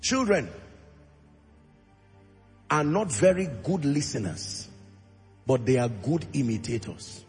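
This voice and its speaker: A man preaching a sermon as pastor, acting out short dialogues and rising into shouted prayer. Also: mid-range voice, big pitch swings, takes it slowly, pauses often. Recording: music under voice in a large reverberant hall.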